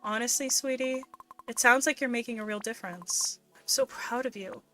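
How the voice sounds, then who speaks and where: A woman's voice: a little high, moderate pace, pushed and bright. Woman doing a sweet, fussing mother. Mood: reassuring. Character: warm doting middle-aged mother on a call. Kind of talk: reading game dialogue aloud on a stream.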